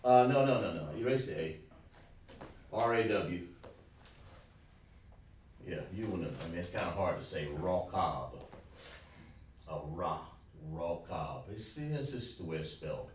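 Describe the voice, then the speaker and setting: A man's voice: deep voice, sing-song. Man drilling pronunciation in an echoey room. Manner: insistent, repeats sounds slowly, coaxing. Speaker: teacher. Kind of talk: pronunciation lesson. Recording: echoey room heard from a distance with faint noise.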